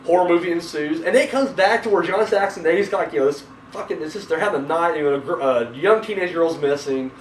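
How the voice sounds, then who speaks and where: A young man reviewing horror movies in a rambling, excitable, profane way, swearing constantly. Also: a little high, quick pace, hardly any pauses, slight background noise. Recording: echoey room, mic at a distance.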